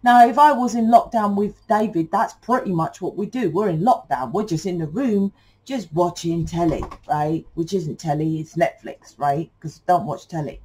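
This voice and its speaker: A woman's voice: fairly low pitch, moderate pace, darkish tone, husky, low-quality recording. A British woman giving a casual spoken tarot reading, rambling and chatty and swearing now and then. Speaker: tarot reader.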